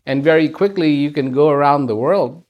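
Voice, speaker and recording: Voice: mid-range voice, normal speed, dull audio. A speaker giving a reflective spiritual talk, using rhetorical questions and repetition for emphasis.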